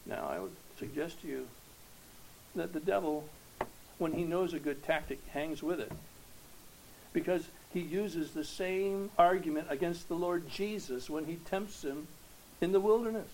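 High-voiced preacher, earnest and emphatic. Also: male voice, a little slow, gravelly, a little hiss or hum, low-quality recording. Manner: earnest, swelling from hushed to loud emphatic preaching; rhetorical questions to the congregation. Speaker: pastor. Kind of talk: sermon.

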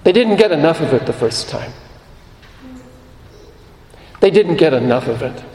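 A man's voice: a little high, lively intonation, a little mellow. Earnest preaching man in an echoey hall. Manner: earnest, repeats phrases for emphasis, slows on key lines. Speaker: pastor. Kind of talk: sermon. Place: church sanctuary.

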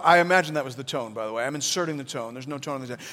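A man's voice: mid-range voice, racing, few pauses, pushed and bright, big-room sound. A man preaching a sermon, explaining scripture verse by verse and acting out the quoted lines. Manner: expository teaching, acts out quotes in voices. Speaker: pastor.

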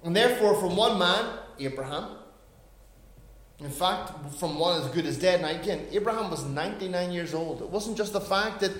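A pastor in his forties delivers a sermon in a high voice. He drops to a hush and then builds to loud, emphatic peaks. The recording is roomy, with a noticeable echo. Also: lively intonation, normal speed. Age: 40s. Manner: dynamic preaching, swings from hushed to loud and emphatic.

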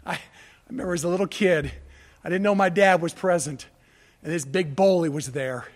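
A man preaching a sermon, swinging between loud, urgent appeals and hushed asides. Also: high voice, brisk. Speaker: pastor.

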